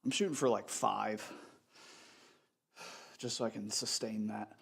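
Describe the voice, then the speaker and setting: A man with a stuffy nose leading a live home workout, giving relaxed, encouraging instructions while he exercises in his home gym. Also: fairly low pitch, unhurried, creaky, husky. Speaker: fitness instructor. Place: home gym in a converted bedroom.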